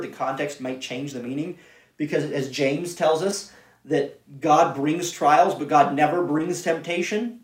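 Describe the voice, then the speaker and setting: A man preaching a sermon, earnest, rising to emphatic points and dropping to hushed pleading. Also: on the high side. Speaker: pastor. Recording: echoey room, mic at a distance.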